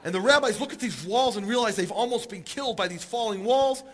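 Male preacher-storyteller, high voice, animated narration. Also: fairly quick. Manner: animated, rising voice at climaxes. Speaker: speaker. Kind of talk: storytelling sermon.

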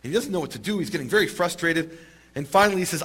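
A man telling a story in an animated, amused way to a listening audience. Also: a little high, very fast, slightly rough. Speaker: speaker. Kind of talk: storytelling talk.

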